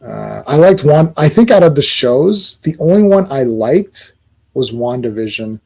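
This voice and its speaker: Blunt excitable man with a mellow voice. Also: medium pitch, measured pace, creaky. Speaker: podcast co-host. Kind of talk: casual chat.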